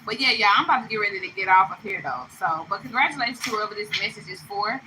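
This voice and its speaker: Mid-range and lively in intonation, her rapid-fire delivery comes through a noisy background. She's a tarot card reader doing a spiritual reading, speaking warmly and emphatically to the listener, saying phrases over again and laughing in between.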